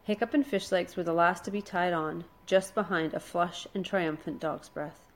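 A woman narrating a children's adventure storybook in a steady, expressive reading voice. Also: on the low side, normal speed, slight background noise, low-quality recording.

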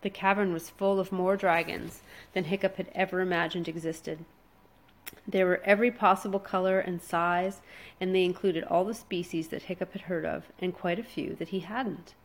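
A woman narrates a children's adventure book aloud. Her voice sits a little low for a woman. Her reading is steady and expressive. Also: low-quality recording. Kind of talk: storybook narration.

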